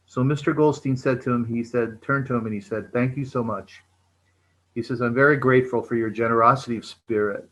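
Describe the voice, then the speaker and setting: A man from Canada, a charity founder, telling a story over a video call and acting out the dialogue in a measured way. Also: mid-range voice, fairly even intonation, a bit bright, lo-fi sound. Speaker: charity founder and guest speaker. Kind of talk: storytelling talk.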